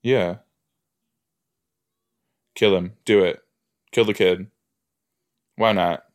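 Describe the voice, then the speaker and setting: A man's voice: low voice, steady tone, drawn-out words. A man hosting a podcast, chatting casually as he reacts to a TV episode, full of "like" and "you know".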